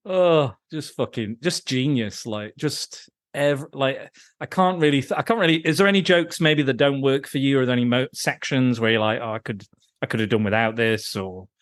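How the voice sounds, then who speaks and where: A man chatting casually as a podcast guest, animated, breaking into laughter and acting out quotes. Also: mid-range voice. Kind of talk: casual film chat.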